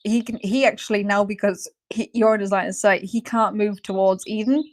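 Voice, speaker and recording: A woman's voice: medium pitch, steady tone, fairly quick. Woman, game master, casual rules-explaining narration, lots of "kind of" and "uh". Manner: hesitant, filler-heavy, explaining rules.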